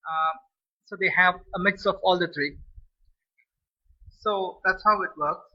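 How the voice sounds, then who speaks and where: A man's voice: high-pitched, measured pace, slightly rough. A man from India, chatting casually to camera as a food vlogger, rambling and restarting his phrases. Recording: dull lo-fi recording.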